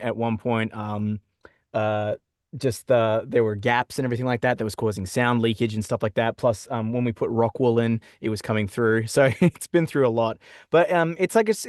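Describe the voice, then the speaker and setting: A man's voice: mid-range voice, no echo, studio quality. A young Australian man, a voice actor, talking casually in a podcast interview from a small foam-lined home booth, rambling with many fillers and restarts. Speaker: guest voice actor. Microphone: studio condenser mic.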